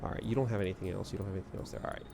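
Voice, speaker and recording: A man's voice: lowish voice, steady tone, rapid-fire, vocal fry, over music. A man streaming a video game live, chatting casually in a jokey, rambling way. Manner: jokey, rambling, laughs at his own quips.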